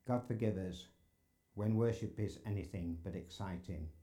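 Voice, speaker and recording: A man's voice: fairly low pitch, moderate pace, mellow. A man preaching a sermon in a church sanctuary, earnest and building to emphatic exclamations.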